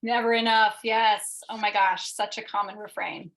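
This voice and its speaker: A woman presenting an interactive coaching workshop over a video call, animated, acting out quoted voices and often checking in with tag questions. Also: medium pitch, moderate pace, low-quality recording.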